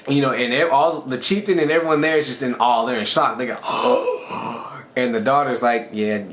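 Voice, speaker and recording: A man casually recapping an anime episode as a reviewer, telling it loosely and with excitement. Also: medium pitch, quick pace. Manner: excited storytelling, loose and conversational. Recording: echoey room with faint background noise.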